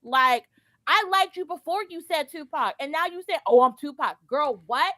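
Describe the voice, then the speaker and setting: A woman's voice: high-pitched, animated, moderate pace, sharp tone, no echo. A woman guest giving sassy, emphatic commentary in a casual gossip chat.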